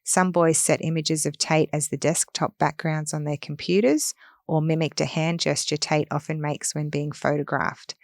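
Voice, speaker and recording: A woman with a low voice co-hosts a podcast, reading findings from her notes. She talks earnestly and presses her point. The sound is dry and close to the mic. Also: little pitch movement, moderate pace, no echo. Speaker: podcast co-host. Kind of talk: casual discussion, reading from notes.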